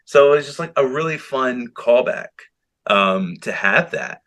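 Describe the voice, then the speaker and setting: Excitable swearing man, bright voice. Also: medium pitch, a little slow. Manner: animated, heavy swearing, acts out quotes. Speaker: podcast co-host. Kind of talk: casual wrestling chat.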